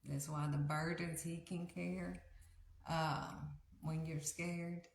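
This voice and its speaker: Low-voiced woman preaching casually. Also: little pitch movement, slow pace. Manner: earnest, repetitive, conversational. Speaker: faith livestream host. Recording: roomy echo.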